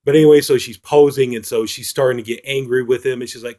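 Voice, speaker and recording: A man's voice: mid-range voice, little pitch movement, fast talker, hardly any pauses, mellow. A man reviewing a film in a casual, rambling retelling, full of fillers.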